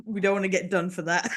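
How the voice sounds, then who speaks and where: Self-deprecating New podcast host. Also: mid-range voice. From New Zealand. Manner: laughs often, self-deprecating. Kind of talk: casual chat.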